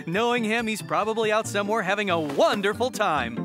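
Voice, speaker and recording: A man's voice: sits high, animated, brisk. An actor playing a mild, friendly male pet owner in a cartoon. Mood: relieved. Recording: cartoon soundtrack with loud music.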